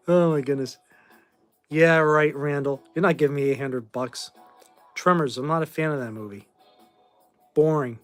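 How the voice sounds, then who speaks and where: This Boston man in his forties hosts a laid-back livestream, fielding viewer questions with offhand rambling and blunt opinions. His voice sits on the high side, steady in tone, unhurried and full of long pauses, over faint background music.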